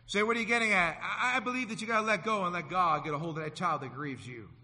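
A man preaching a sermon, swinging from loud to hushed and acting out the people in his stories. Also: high-pitched, fast. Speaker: pastor. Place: church sanctuary. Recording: long hall reverb.

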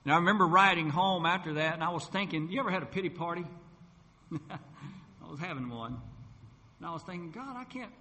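Here the middle-aged gospel singer-preacher speaks briskly in a fairly high, pushed, bright voice, leaving long pauses. In folksy fashion he recounts his personal testimony and acts out quoted speech, all under long hall reverb.

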